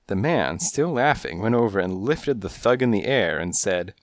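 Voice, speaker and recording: A man narrating a first-person noir detective storybook in a hardboiled, measured storytelling manner, on a close mic. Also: on the low side, expressive, no room sound. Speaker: audiobook narrator.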